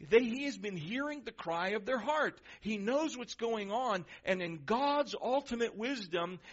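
A high-pitched man preaches an emphatic sermon in a church, putting questions to the congregation. He swings between loud, urgent lines and soft, hushed ones. The sound is dull and lo-fi. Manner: emphatic, varies volume, asks the crowd questions.

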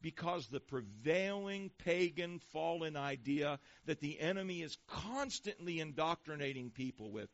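A man preaching to his congregation, his voice sitting a bit high for a man. He drags out scripture words for weight and speaks plainly in between. The recording is dull and lo-fi. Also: fairly bright tone. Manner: preaching, reads scripture slowly with emphasis. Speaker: pastor. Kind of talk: sermon. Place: church before a congregation. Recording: dull lo-fi sound.

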